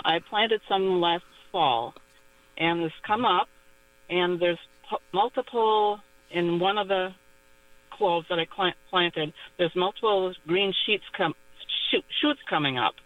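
A man's voice: high voice, dry recording. A man calling into a radio show with a gardening question, stumbling over his words. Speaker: caller. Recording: tinny phone line with hum.

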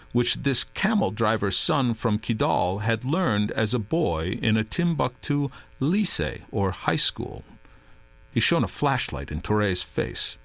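A man giving a measured, expressive scripted reading as an audiobook narrator. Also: medium pitch, vocal fry, no echo.

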